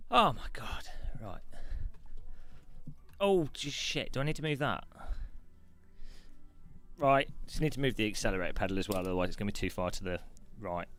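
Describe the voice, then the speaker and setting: A man's voice: fairly low pitch, moderate pace, pauses often, a bit bright, soft background music. A middle-aged man streaming live, chatting and joking at his own expense while he fits out a sim rig. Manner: chatty, self-mocking, laughs often.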